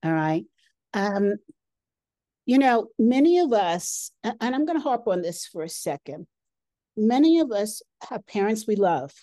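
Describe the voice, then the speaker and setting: A woman's voice: medium pitch, very animated, warm tone, dry recording. A woman hosting a podcast, speaking thoughtfully and with feeling as she reflects on her guest's story. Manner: slow, thoughtful, emotional. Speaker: podcast host. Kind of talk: reflective interview talk.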